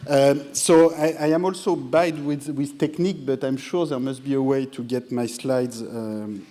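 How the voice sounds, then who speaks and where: A man with a French accent giving a public lecture in a theatre, hesitant and self-deprecating, filling pauses with "you know". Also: mid-range voice, steady tone, dark tone, slight background noise. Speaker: guest lecturer.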